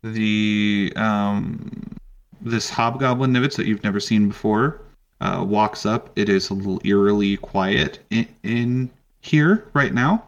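A man narrating a tabletop game as game master in a relaxed way, with frequent ums. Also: fairly low pitch, slow pace, highs cut off.

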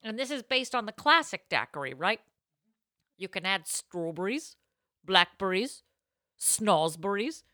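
A woman's voice: medium pitch, very animated, unhurried, pushed and bright, dry recording, studio quality. A woman hosting a casual podcast chat, tasting a cocktail and cracking playful, salty jokes over a video call. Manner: playful, wisecracking, swears casually. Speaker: podcast host.

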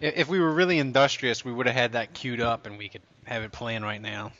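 A man hosting a casual podcast, rambling and correcting himself as he talks, quick to laugh. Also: mid-range voice, steady tone, a bit bright. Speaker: podcast host. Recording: dull lo-fi podcast audio.

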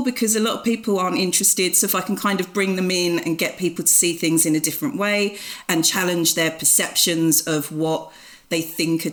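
A woman in her forties with an Essex accent, a podcast guest talking in a frank, plain-spoken way and laughing easily. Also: fairly low pitch. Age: 40s. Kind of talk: casual chat.

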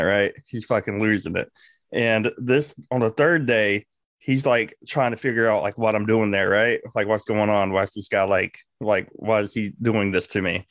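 A man's voice: lowish voice, no echo. Crude storytelling man, dry sound. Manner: crude, animated, profane. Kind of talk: casual comedic storytelling.

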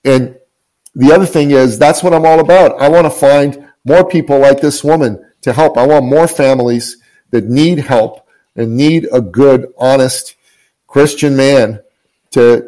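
A man's voice: medium pitch, mellow, low-quality recording. A man guest, a business coach, speaking earnestly and emphatically, often repeating his phrases as he tells an inspirational story.

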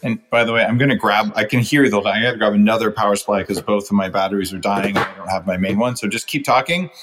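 Low-voiced man hosting an interview. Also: fast, a bit bright. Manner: direct, interjects and pushes back. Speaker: podcast host. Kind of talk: casual interview talk.

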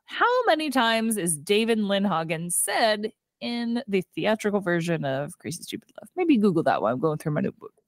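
A woman co-hosting a casual movie recap chat, giggly and animated as she retells scenes. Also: mid-range voice, normal speed, few pauses, no room sound, studio quality. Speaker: podcast co-host.

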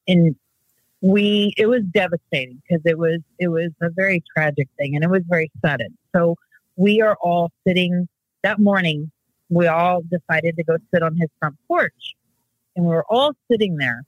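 A woman's voice: lowish voice, no room sound, rough recording. A woman telling a family story in casual conversation, rambling and correcting herself as she goes. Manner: rambling, self-correcting, acts out quotes.

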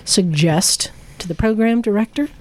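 A woman's voice: medium pitch, moderate pace, darkish tone. A woman co-hosting a podcast in casual chat, talking with enthusiasm and reading listener emails aloud. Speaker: podcast co-host.

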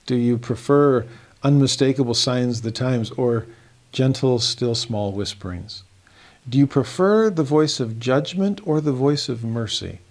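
Gravelly guy teaching scripture, slow earnest reading, pushes up on the big lines. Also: mid-range voice, a little mellow. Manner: slow, earnest reading of verses with emphatic rises. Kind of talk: devotional scripture lesson.

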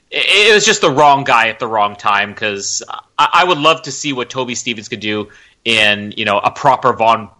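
A man's voice: fairly low pitch, bright, forceful tone. A man co-hosting a podcast, giving thoughtful views on film villains. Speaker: podcast co-host. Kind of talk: casual chat ranking film villains.

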